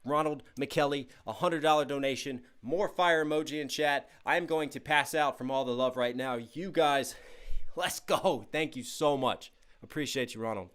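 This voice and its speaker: A man's voice: mid-range voice, normal speed. A young man hosting a casual livestream, reading out donations and chat messages with upbeat energy, a little tired. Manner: upbeat, hyped shout-outs to chat. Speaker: livestream host.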